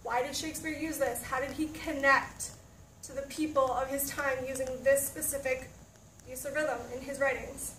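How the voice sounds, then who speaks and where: A woman's voice: high voice, fairly even intonation, normal speed, a bit bright, slight background noise. A woman teaching a class, talking students through the material and asking them questions as she goes. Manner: checks in with students, asks questions. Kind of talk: classroom lesson. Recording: roomy, from a distance.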